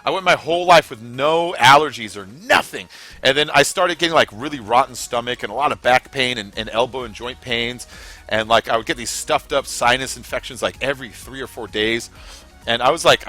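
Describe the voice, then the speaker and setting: A man's voice: medium pitch, lively intonation, fairly quick, pushed and bright, soft background music. A man from California giving rambling, chatty commentary while playing a racing game, swearing freely. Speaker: gaming streamer. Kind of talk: casual gameplay commentary.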